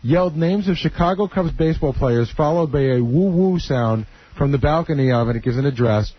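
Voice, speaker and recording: A man's voice: on the high side, expressive, a little fast. A man cohosting a radio show, relaying details in a matter-of-fact way. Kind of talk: casual radio banter. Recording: dull radio broadcast audio.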